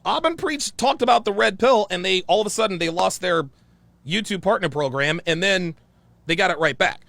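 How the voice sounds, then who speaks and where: Fired-up man with a gravelly, lively voice. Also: high voice, normal speed, dry recording. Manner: profane, repetitive, worked-up. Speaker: channel host. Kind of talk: heated storytelling commentary.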